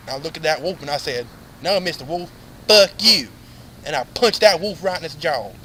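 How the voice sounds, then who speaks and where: This is a loud-mouthed, cursing redneck character, put on by a man for a comic monologue. The voice sits high and sharp, and he rambles excitably through his tale. A faint hum of background noise runs under him. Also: rough recording. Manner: crude, excitable, Southern-style drawl with cursing. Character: rowdy redneck drunk named Randy. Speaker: comic storyteller.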